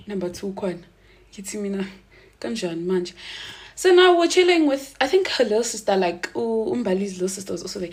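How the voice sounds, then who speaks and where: A woman with a South African accent telling a casual storytime, animated, switching between English and isiZulu and laughing often. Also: medium pitch, normal speed, a little hiss or hum.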